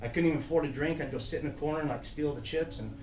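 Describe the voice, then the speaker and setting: A middle-aged man speaks to a room of young trainees in a fairly high voice. He gives a motivational talk and tells animated stories from his own life. He is picked up from a distance, and the room echoes around him. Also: rapid-fire, a little hiss or hum. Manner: storytelling, animated, laughing through funny parts. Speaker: program director speaking to youth trainees. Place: room with an audience.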